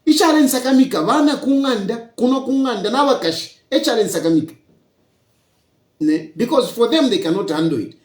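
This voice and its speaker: A Zambian-accented man holds forth as a politician, firing rhetorical questions at his listeners in a lecturing tone. His pitch rises and falls a great deal, and the recording rings with a roomy echo. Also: animated, brisk. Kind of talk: public political address.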